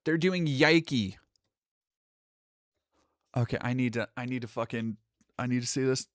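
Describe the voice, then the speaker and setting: A man's voice: medium pitch, unhurried, no echo, clean studio sound. A man live-streaming casual reaction commentary, sarcastic and exasperated and swearing freely.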